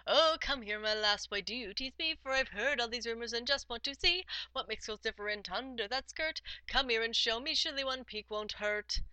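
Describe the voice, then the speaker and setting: A woman's voice: on the high side, fairly quick, few pauses, pushed and bright, dry recording. Woman doing a wheedling young lad in a ballad. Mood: coaxing. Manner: coaxing, wheedling. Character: eager, pleading young Scottish lad.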